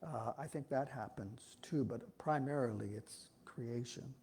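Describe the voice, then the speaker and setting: A man's voice: medium pitch, unhurried, a little mellow, slightly rough. A man giving an informal, folksy sermon at a church, talking in a rambling way with frequent restarts. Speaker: speaker giving a talk at a church.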